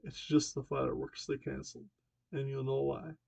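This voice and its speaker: Male reader as a stern old Slavic-accented grandpa, gruff, gravelly. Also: mid-range voice, level tone, normal speed, a little mellow, no echo.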